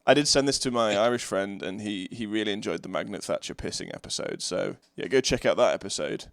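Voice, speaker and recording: A man hosting a casual podcast, a bit sick with a deeper voice than usual, rambling and reading headlines aloud. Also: a little fast, creaky, no room sound, studio quality. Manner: rambling, laughs often, reads headlines aloud. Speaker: podcast host.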